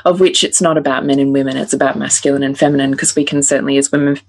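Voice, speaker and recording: A woman with a low, husky voice hosts a casual podcast chat. She tells stories with energy and frequent laughter, and slows to a thoughtful, measured pace when she reflects. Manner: animated storytelling, laughs often; slow and deliberate when reflective. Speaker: podcast host and author.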